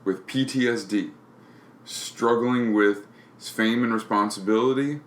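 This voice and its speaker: Deep-voiced opinionated man, echoey room. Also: fairly even intonation, a little slow. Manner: opinionated, critical. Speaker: podcast co-host. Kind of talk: casual chat. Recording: roomy echoey recording.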